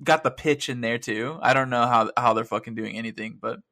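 A man co-hosting a casual gaming podcast, excitable, laughing and swearing casually as he talks. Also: medium pitch, fairly quick. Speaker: podcast co-host.

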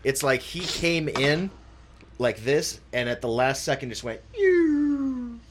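A man's voice: mid-range voice, a little slow, fairly bright tone, a little hiss or hum. A young man on a podcast, telling crude, laughing anecdotes in casual chat. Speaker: podcast co-host. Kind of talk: casual storytelling.

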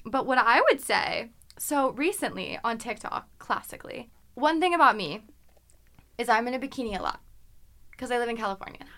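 A young woman in her twenties hosting a casual chat, telling animated stories with frequent giggles. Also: on the high side, brisk. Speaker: podcast host.

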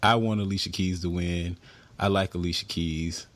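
A man co-hosting a podcast, chatting casually and telling stories in an animated, expressive way. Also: low-pitched, normal speed, no echo. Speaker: podcast co-host. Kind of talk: casual chat.

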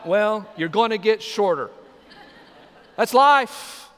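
A man's voice: high-pitched, measured pace, a bit bright. A male pastor preaching a sermon, joking and asking the congregation questions. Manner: humorous, asks the congregation questions. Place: church sanctuary. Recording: live sermon in a reverberant hall.

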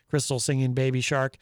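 A man's voice: medium pitch, dry recording, studio quality. A man hosting a live talk show in casual chat, reading viewer comments aloud and rambling with many fillers and restarts. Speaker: host.

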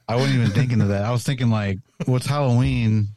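A man's voice: medium pitch, quick pace, mellow, no room sound. A man guesting on a podcast, chatting casually and joking around. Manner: laid-back, joking. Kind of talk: casual chat.

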